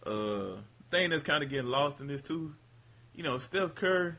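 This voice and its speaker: A man co-hosting a casual sports chat, laid-back and quick to chime in with agreement. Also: on the high side, animated, pushed and bright. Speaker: podcast co-host.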